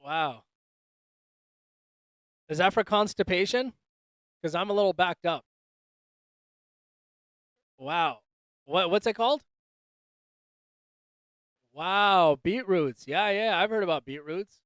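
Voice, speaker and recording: A man's voice: sits high, takes it slowly, long pauses, fairly bright tone, clean tone, no echo. A man hosting a casual livestream chat, joking loosely and swearing, calling everyone dude and bro. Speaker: livestream host. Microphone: desk microphone.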